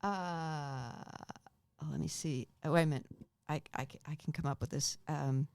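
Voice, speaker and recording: Woman, comedian guest, lowish voice, dry close sound, punchy wisecracking storytelling. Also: steady tone, creaky, darkish tone, no room sound. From Brockton, Massachusetts. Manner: punchy, wisecracking, quick self-mocking asides. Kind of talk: comic storytelling in a chat.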